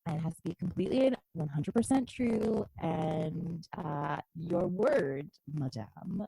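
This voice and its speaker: Lively, teasing woman podcast host. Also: lowish voice, a little slow, vocal fry, breathy edge, no room sound. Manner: teasing, playfully mock-formal. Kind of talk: playful casual chat.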